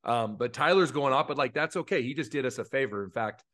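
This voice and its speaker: A man's voice: medium pitch, quick pace, a bit bright. A man who coaches youth baseball, chatting on a podcast in an earnest, openly emotional way with plenty of fillers. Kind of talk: casual podcast chat.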